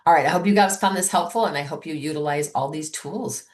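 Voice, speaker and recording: A woman's voice: sits low, fast talker. A woman coaching her sales team in an upbeat way, acting out sample calls and texts as she goes. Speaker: sales trainer.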